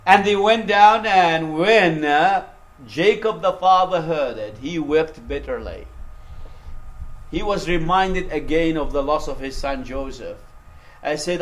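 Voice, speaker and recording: A man's voice: fairly high pitch, takes it slowly. A man preaching a sermon, retelling a story animatedly and acting out its quotes.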